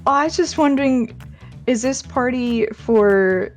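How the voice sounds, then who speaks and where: A woman's voice: a little high, slow, highs cut off, soft background music. A woman voicing a meek, awkward young male adventurer who talks politely in a tabletop game.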